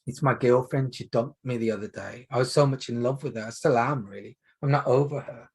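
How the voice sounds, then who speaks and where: A man's voice: medium pitch, brisk, husky. A man playing a dejected, tearful young patient. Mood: downcast. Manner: quiet, subdued, trailing off. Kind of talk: role-play demonstration.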